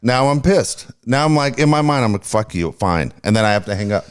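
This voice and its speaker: A man's voice: medium pitch, fast, smooth. A man in his fifties chatting casually, telling stories animatedly and acting out both sides of his phone calls. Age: 50s. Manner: swears freely. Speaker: podcast co-host. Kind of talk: casual storytelling chat.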